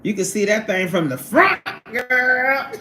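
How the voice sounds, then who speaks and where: A woman hosting a casual livestream from her workplace on a lunch break, reading out chat and laughing often in an animated way. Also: reverberant, a little hiss or hum. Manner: animated, laughs often, swoops up high when excited.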